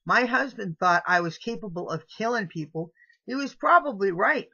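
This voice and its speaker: A middle-aged woman rambles through a confessional monologue straight to camera, circling back and restarting her thoughts. Her voice is bright and tense. The sound is dull and lo-fi, picked up by a built-in camera mic. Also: mid-range voice, animated, moderate pace, husky. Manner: rambling, meandering, with trailing restarts. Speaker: vlogger. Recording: dull lo-fi home video audio.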